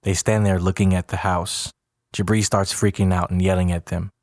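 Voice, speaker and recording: A man telling a story in a plain, steady way. His voice is low and the recording is dry and close, with no room sound. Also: moderate pace, no room sound. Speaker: narrator. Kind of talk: storytelling narration.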